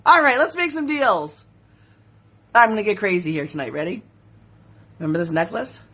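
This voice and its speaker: Woman, husky voice, jewelry maker on a live stream, chatty, giggly, reads comments aloud. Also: mid-range voice, expressive, moderate pace, fairly bright tone. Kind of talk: casual live-stream chat. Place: home studio.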